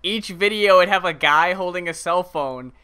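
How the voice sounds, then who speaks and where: A man with a high, bright voice chats in an easy, relaxed way. His voice is smooth and clear, and he swears casually as he talks. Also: moderate pace. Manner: relaxed, conversational recollection with swearing. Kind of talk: casual chat.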